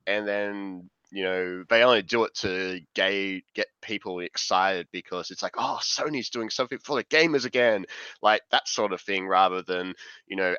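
A very deep but bright and smooth male voice, speaking on a podcast panel in a loose, opinionated way. The mic sounds dull and lo-fi, with a dry, close feel. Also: dry recording. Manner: loose, opinionated, filler-heavy. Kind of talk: casual panel discussion.

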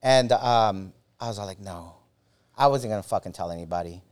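A man in his forties, a former soldier, telling a story as a podcast guest in a halting, profane way, full of fillers and restarts. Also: lowish voice, darkish tone, clear, resonant tone. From United States. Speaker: former Army Ranger. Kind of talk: casual storytelling.

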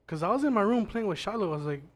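A man's voice: sits high, lively intonation, very fast. A man who is a guest on a casual podcast, telling a ghost story and stumbling over and repeating his words. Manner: stammers and repeats words, checks in with "right?".

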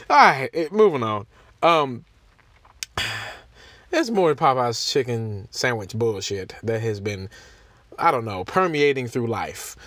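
A man's voice: fairly high pitch, fairly bright tone, dry recording. A young man hosting a casual solo podcast, ranting in a profane, mocking way and laughing often. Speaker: podcast host.

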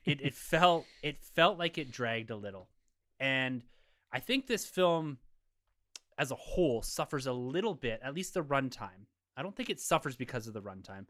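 A man on a podcast panel, giving a measured, analytical review of a film in casual conversation. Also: mid-range voice, animated, a bit bright.

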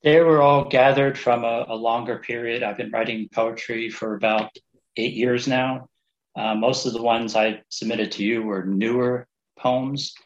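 A man's voice: medium pitch, fairly even intonation, unhurried, lo-fi sound. A man from New Jersey, a writer guest on a radio interview, chatting in a friendly, easygoing way. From New Jersey, United States. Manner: friendly and chatty, laughs easily.

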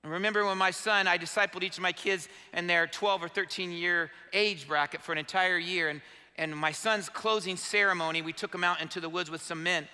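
Middle-aged male pastor, very high bright voice, fervent call-and-response preaching, long church-hall reverb. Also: fairly even intonation, brisk, clear, resonant tone. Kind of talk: sermon. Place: church sanctuary.

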